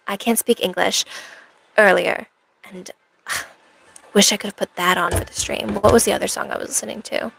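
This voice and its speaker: A woman streamer talks casually to her live chat, wandering from one thought to the next and poking fun at herself. Her middle-pitched voice carries a gravelly fry. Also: normal speed, long pauses, a bit bright, no echo, low-quality recording. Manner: rambling, playful, self-mocking asides. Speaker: cosplay streamer.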